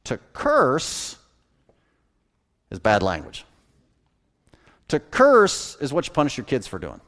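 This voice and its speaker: A man preaching a sermon as a pastor, folksy and animated, chuckling at his own jokes. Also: medium pitch, takes it slowly, long pauses.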